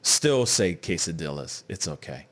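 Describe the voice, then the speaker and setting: A man hosting a casual podcast, talking in a loose, animated way, peppered with "you know what I'm saying" and "bruh". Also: low voice, unhurried. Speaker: podcast host. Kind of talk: casual chat.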